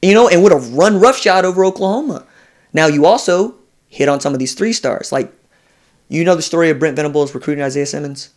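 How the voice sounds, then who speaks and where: A man in a casual sports podcast chat, telling recruiting stories with animated energy and slipping into quoted voices. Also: on the high side, fairly quick. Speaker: college football recruiting analyst.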